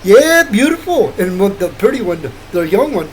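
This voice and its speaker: Older man, rambling late-night monologue, high animated pitch, faint hum behind. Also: fairly quick, poor audio. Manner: rambling, wandering, laughs often. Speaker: vlogger.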